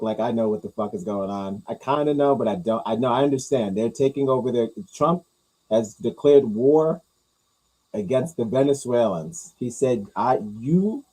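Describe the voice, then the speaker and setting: A man's voice: mid-range voice, a little mellow, rough recording. A man giving casual, profane, rambling reaction commentary as a vlogger. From New York.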